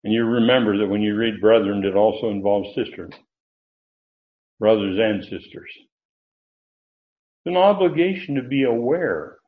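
This pastor's voice is on the low side, a little slow, with long pauses. Preaching an expository sermon in a teacherly way, he lifts his voice on key words, and the recording sounds tinny and phone-like.

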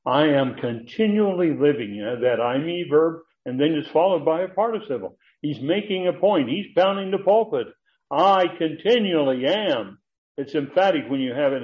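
A man preaching an expository sermon, explaining Greek grammar with frequent fillers and rising emphasis. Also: medium pitch. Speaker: preacher teaching Bible study. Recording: tinny phone-like line.

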